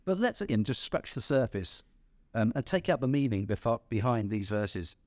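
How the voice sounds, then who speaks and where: A man's voice: medium pitch, sing-song, moderate pace, a little mellow, no echo. A man giving a sermon, telling a playful story in the first person and chuckling at his own jokes. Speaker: preacher.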